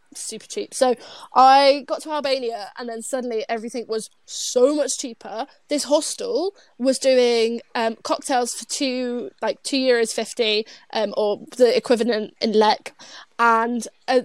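Giggly high-voiced woman in her twenties. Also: steady tone, moderate pace, no echo. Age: 20s. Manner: giggly, rambling, lots of fillers and restarts. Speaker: guest, traveler. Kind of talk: casual chat.

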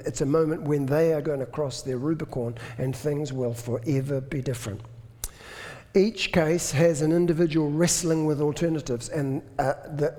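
A man's voice: a little high, dark tone. A man preaching a sermon, explaining things in a conversational way with dry self-deprecating humor. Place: church. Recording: echoey hall.

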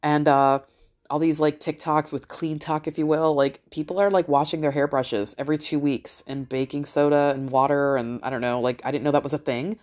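A woman's voice: sits low, steady tone, fairly quick, darkish tone. A middle-aged woman hosting a podcast, talking in a casual, rambling monologue, blunt and swearing freely. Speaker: podcast host.

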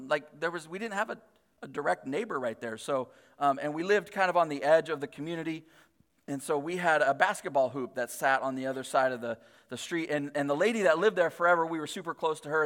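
A man's voice: on the high side, a bit bright. A man in his thirties preaching a casual, storytelling sermon as a pastor, talking in a chatty way full of "like" and restarts. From Northern California. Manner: chatty, filler-heavy, self-deprecating. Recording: long reverb of a large hall.

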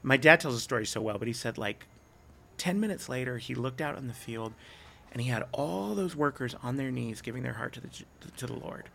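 A middle-aged man, a podcast guest, telling stories in a casual chat and acting out the people he quotes with big jumps in pitch. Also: animated, a little fast, vocal fry, bright, forceful tone.

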